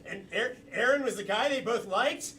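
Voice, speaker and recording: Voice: medium pitch, expressive, fairly quick, pushed and bright, slight background noise. An improv performer narrating a made-up story on stage in a playful way. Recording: distant mic with a laughing audience.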